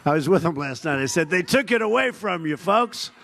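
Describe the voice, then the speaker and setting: Guy at a rally bragging and repeating himself, high voice, faint hum behind. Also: expressive, brisk, a bit bright. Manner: boastful and repetitive, mocking opponents; drops into quoted voices of others. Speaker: rally speaker. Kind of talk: political rally speech.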